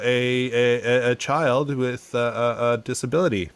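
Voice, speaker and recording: A man in his thirties, an actor co-hosting a podcast over a video call from home, talking fast and excitably in casual chat. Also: medium pitch, clear, resonant tone, no room sound.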